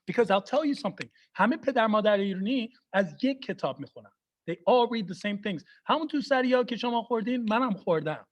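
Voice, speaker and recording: A young man performs stand-up comedy into a computer mic on a video call. He rattles through his stories at a breakneck clip, in a high, bright voice, switching back and forth between two languages. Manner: fast, animated storytelling mixing two languages.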